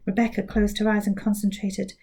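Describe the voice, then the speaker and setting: A woman teacher reading a children's book aloud, slow and clear. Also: mid-range voice, little pitch movement, dark tone.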